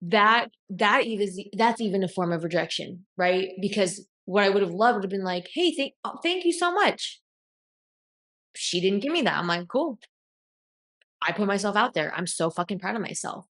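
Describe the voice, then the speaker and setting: A woman's voice: mid-range voice, fairly quick, few pauses, fairly bright tone. A woman giving a blunt, emphatic motivational talk as a self-help coach, swearing casually.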